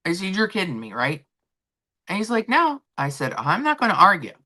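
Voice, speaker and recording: Casting note: woman streamer, low voice with a sharp edge, chatty storyteller. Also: wildly swooping pitch, fairly quick. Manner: chatty storytelling, swearing casually. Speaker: livestream host. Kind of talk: casual chat with viewers.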